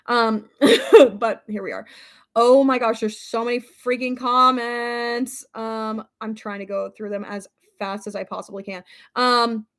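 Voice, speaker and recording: Stuffy-nosed female streamer in her thirties, bright high voice, chatty and prone to laughter. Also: fairly even intonation, unhurried. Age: 30s. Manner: giggly, breaks into high shrieking laughter. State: stuffy, congested head. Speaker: livestream host reading viewer comments. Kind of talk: casual live chat.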